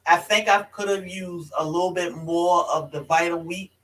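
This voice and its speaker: A man co-hosting a casual live-stream chat, relaxed and easygoing as he reads viewer comments. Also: high-pitched, normal speed, rough recording. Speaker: co-host reading viewer comments.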